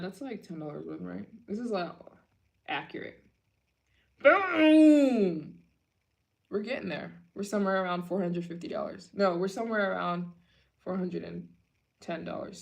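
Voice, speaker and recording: A woman chatting casually on a livestream Q&A, her voice sitting a little lower than most. She talks in a gushing, chatty way, packed with filler words. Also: fairly even intonation, moderate pace, creaky. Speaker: travel channel host.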